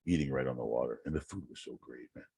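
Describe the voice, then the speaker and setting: A man hosting a channel, reading self-help quotes and musing aloud in a slow, rambling way, often repeating words. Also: rumbling low, vocal fry, warm tone, slight background noise. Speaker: channel host.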